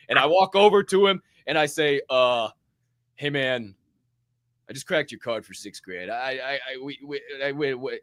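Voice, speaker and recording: A man co-hosting a live podcast, telling a story in an excitable, profane way and acting out what people said. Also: mid-range voice, no echo. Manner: profane, excitable, acts out quotes. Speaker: podcast co-host. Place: hotel room.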